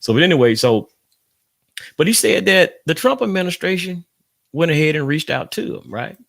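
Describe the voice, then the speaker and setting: A man's voice: on the high side, big pitch swings, moderate pace, creaky, a bit bright, no echo, clean studio sound. A man hosting a casual livestream podcast, rambling and talking straight to his listeners. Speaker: podcast host.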